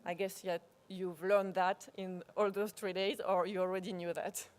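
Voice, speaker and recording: A woman with a French accent, a native French speaker, giving a live workshop presentation, pausing often to search for words and restarting phrases. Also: mid-range voice, flat delivery, darkish tone. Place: conference workshop room.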